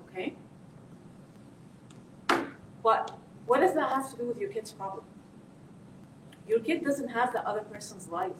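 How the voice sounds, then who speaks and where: A woman's voice: a little high, a little slow, pauses often. A woman giving a parenting lesson to an audience. She acts out parents and teenagers and keeps asking "okay?". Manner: lively, acts out parent and teen voices, repeats "okay?". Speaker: parenting workshop speaker. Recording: echoey room, voice from a distance, faint noise.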